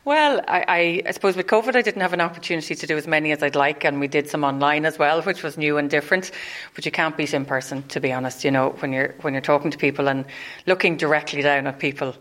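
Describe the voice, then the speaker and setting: An Irish woman speaking as a government minister in a radio interview, measured and reflective. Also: low-pitched, a bit bright.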